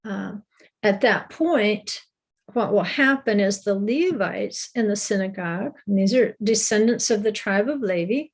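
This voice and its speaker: A woman's voice: mid-range voice, lively intonation, unhurried. A woman teaching a recorded Bible lesson, explaining with small restarts and an occasional light laugh.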